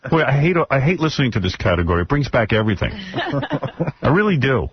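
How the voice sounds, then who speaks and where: Male talk host, blunt and mocking, very lively pitch, dull lo-fi radio sound. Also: a little fast, husky, no echo. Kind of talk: radio talk show banter. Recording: dull lo-fi radio broadcast with faint music.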